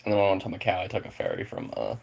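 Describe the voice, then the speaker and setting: A man with a very low voice and plenty of gravelly fry at the bottom of it. He talks casually with his viewers in a loose, rambling way, leaning on filler words and tossing in swear words without a thought. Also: big pitch swings, racing, a little mellow. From Spokane, Washington, USA. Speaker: streamer chatting with viewers. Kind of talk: casual chat.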